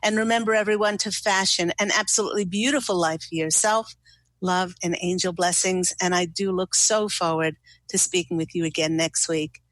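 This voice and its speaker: A woman hosting a talk radio show, giving a spiritual card reading to a caller in a slow, gushing, soothing way. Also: lowish voice, fairly even intonation, a bit bright, no echo. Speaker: radio host and angel card reader.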